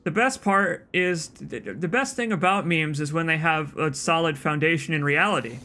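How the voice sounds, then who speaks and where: A man's voice: on the high side, normal speed, pushed and bright, a little hiss or hum. A man hosting a let's play, giving casual, wry commentary with stammered restarts.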